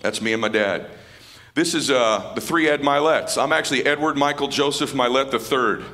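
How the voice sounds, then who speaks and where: A middle-aged man giving an emotional stage speech as a motivational speaker, casual and slangy, dropping to a hushed voice in tender moments. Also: mid-range voice, moderate pace. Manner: casual and slangy, calling people dude and man. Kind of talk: emotional speech to a live audience. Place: stage at a live event.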